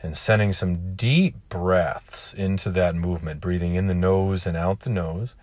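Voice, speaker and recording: Calm, low-voiced male yoga instructor. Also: measured pace, no room sound. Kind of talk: guided yoga class. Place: outdoors.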